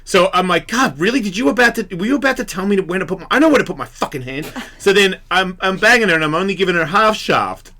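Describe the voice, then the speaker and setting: A man's voice: high voice, animated, quick pace, bright, forceful tone. Profane, rambling male radio host. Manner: rambling, profane, laughs through his own story. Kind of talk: crude comic storytelling on talk radio. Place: radio studio. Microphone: studio microphone.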